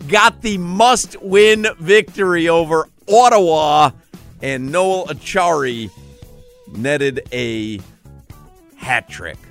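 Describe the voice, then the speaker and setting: A man's voice: fairly high pitch, slow pace, fairly bright tone, soft background music. A man hosting a sports radio show, joking and teasing his co-hosts in casual banter. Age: adult parent.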